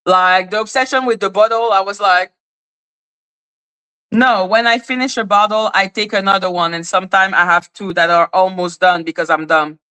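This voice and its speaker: A woman's voice: on the low side, steady tone, brisk, few pauses, sharp tone, clean tone, low-quality recording. A woman hosting a livestream, ranting in a blunt, sarcastic and confrontational way while answering her chat. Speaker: livestream host. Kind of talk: casual livestream rant reacting to chat.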